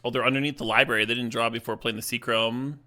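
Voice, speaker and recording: A man's voice: mid-range voice, fairly even intonation, quick pace, sharp tone. A man streaming a card game, talking through his plays in a casual, swearing, laughing way. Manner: swears casually, laughs often, thinks aloud. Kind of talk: casual live-stream commentary.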